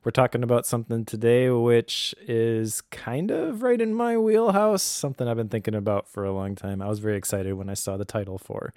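A man's voice: medium pitch, a little fast, hardly any pauses, no echo, clean studio sound. A man co-hosting a faith and family podcast, talking casually and telling stories with easy laughs. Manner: relaxed storyteller, laughs easily. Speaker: podcast co-host.

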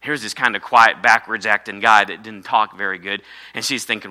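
A man's voice: on the low side, steady tone, a little fast, pushed and bright. A man preaching a sermon, emphatic and repetitive, calling for amens from the congregation. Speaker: pastor.

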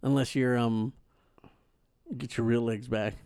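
A man co-hosting a casual movie podcast, jokey and quick to laugh, swearing freely. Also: mid-range voice, steady tone, a little mellow, clear, resonant tone, no echo, studio quality. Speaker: podcast co-host.

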